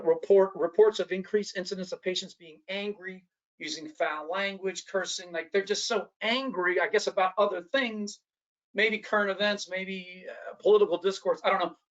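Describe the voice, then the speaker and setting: A man's voice: sits high, lo-fi sound. A man presenting an online training workshop, talking conversationally and often checking in with his listeners.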